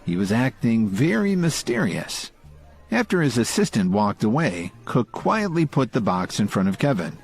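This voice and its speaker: A man reading scripted audio-drama narration in a calm storytelling manner. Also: lowish voice, moderate pace, faint music behind.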